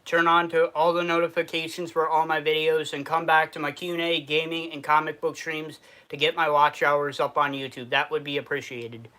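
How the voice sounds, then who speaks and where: Bright-voiced man with a New York accent. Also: a little high, little pitch movement, moderate pace, hardly any pauses. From Western New York. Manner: reads viewer comments aloud and answers them. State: sad. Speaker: streamer reviewing food. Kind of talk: casual livestream chat.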